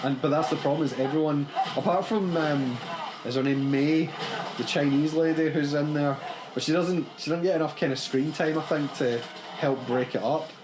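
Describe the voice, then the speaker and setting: A man's voice: a little high, steady tone, moderate pace, poor audio. A Scottish man chatting casually during a let's play, rambling and correcting himself as he goes. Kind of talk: casual gaming chat.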